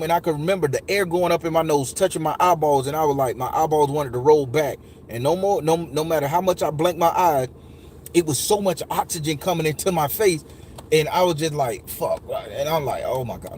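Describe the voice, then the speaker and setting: A man recounts a painful memory in raw, profane, casual speech, his voice sitting a little higher than most men's. He acts out other people's lines as he goes, and a faint hum of ambience and passing vehicles sits behind him. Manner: emotional, profane, animated retelling with acted quotes. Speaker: storyteller recounting a personal memory. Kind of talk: casual spoken testimony.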